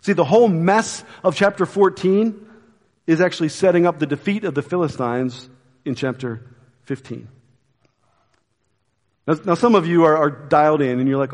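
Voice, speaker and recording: A pastor preaching a sermon in a casual, conversational way with quick asides. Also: male voice, on the high side, a little mellow, big-room sound. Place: church.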